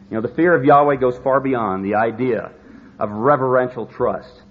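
A man preaching a sermon, stressing key words and slowing down to drive his points home. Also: mid-range voice. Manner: emphatic, slows down to stress words. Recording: slightly dull lo-fi recording with faint noise.

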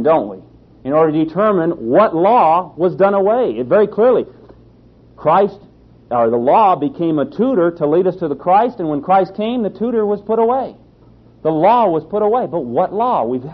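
A man teaching a sermon on scripture, who speaks emphatically, repeats his key phrases and asks rhetorical questions. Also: fairly high pitch. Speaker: Bible teacher. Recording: slightly dull lo-fi sound.

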